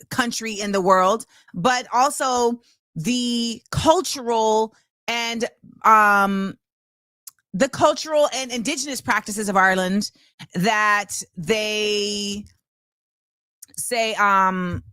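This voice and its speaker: A woman hosting a casual commentary show, animated and chatty with lots of fillers. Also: on the high side, dry recording, clean studio sound. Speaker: show host.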